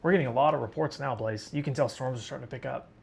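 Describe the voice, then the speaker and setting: A man's voice: mid-range voice, racing, gravelly, slightly rough. A man from western Arkansas hosting a live weather stream, casually talking straight to viewers and answering chat. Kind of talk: live storm coverage, reading chat.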